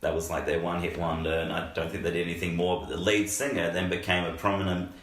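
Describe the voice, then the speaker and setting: A man's voice: sits low, flat delivery, quick pace, fairly bright tone. A young man co-hosting a podcast among friends, rambling through stories with many restarts and fillers. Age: young adult. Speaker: podcast co-host. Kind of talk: casual banter. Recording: echoey room with faint hiss.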